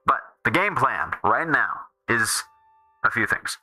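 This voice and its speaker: A man's voice: medium pitch, very animated, slow, bright, forceful tone, faint music behind, poor audio. A man streaming a game, chatting casually in a rambling way that keeps restarting and trailing off. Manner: rambling, self-interrupting, restarts often.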